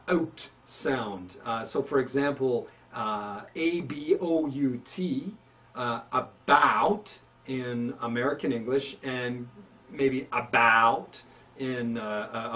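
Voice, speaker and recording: A man with a Canadian accent giving a casual English lesson, relaxed and friendly, with many ums and repeated words. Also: mid-range voice. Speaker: English teacher. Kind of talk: casual video lesson answering a question. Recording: dull lo-fi sound, mic a bit distant.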